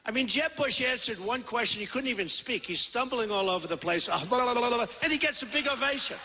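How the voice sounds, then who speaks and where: A man's voice: extremely high pitch, expressive, fast, bright, forceful tone, a little hiss or hum. A man in his sixties giving a rambling, boastful, repetitive campaign rally speech into a podium microphone in a large convention hall. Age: 60s. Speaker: presidential candidate. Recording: reverberant hall PA sound.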